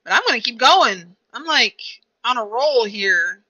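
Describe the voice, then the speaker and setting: Bright-voiced chatty woman streamer. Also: fairly high pitch, animated, a little slow. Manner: chatty, rambling, talks to herself. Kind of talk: casual chat while playing a game. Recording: dull lo-fi recording.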